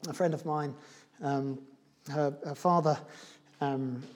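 An earnest preacher delivers a sermon in a church. The voice sits at a middle pitch and often stumbles into restarts and repeated words before pressing on. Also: fairly even intonation, slow.

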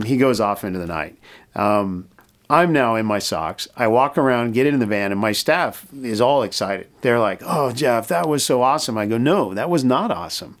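The voice is a man's, medium in pitch and clean in tone. He's a middle-aged American mission leader, a guest on an interview. He recounts a personal story, performing the dialogue himself.

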